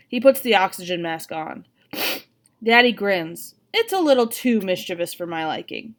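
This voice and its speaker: A woman reading a novel aloud in an expressive, first-person narration. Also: on the low side, moderate pace. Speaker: audiobook reader.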